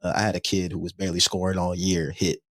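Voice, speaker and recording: A man who hosts a podcast and coaches youth basketball tells a story in lively casual chat, often repeating himself when excited. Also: low voice, quick pace, no room sound, studio quality.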